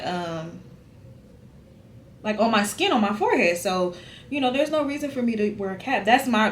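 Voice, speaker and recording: A woman's voice: medium pitch, a bit bright, a little hiss or hum. A young woman talks casually to her viewers from home. Her chat is loose and full of slang, and she keeps calling her audience y'all. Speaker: vlogger doing a wig install.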